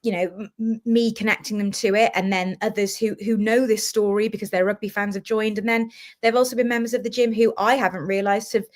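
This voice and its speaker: Woman, Welsh accent, live chat guest, animated storyteller, casual. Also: medium pitch, brisk. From Wales. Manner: animated storyteller, acts out quoted voices. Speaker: guest, Wales team captain.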